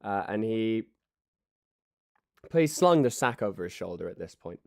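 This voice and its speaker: A man's voice: on the low side, very animated, measured pace, a little mellow, no echo, studio quality. A man narrating as game master, rambling and full of fillers.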